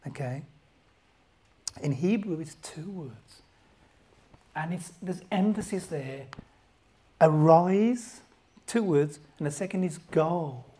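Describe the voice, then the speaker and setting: A man preaching a sermon as a pastor, impassioned and swinging from loud outbursts to hushed whispers. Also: on the high side, animated, takes it slowly, long pauses, rough recording.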